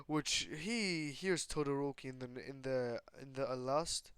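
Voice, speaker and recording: A man's voice: medium pitch, a little slow, smooth, dry recording. A teenage boy casually retelling a fan-made story, rambling with lots of fillers. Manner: rambling, many fillers like "basically" and "like".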